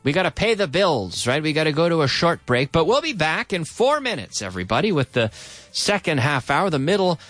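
A man teaches English on live radio, his pitch jumping all over as he drills words by repeating them slowly. He drops in Spanish phrases now and then. The studio mic sounds dry and close. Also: big pitch swings, fairly bright tone, no room sound, faint music behind. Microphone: studio microphone with headphones.

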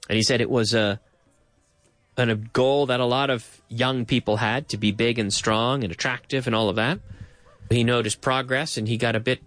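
A man hosting a casual English lesson, explaining slowly, repeating phrases and adding Spanish translations. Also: mid-range voice, steady tone, fairly bright tone, dry recording, soft background music. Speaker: English teacher host.

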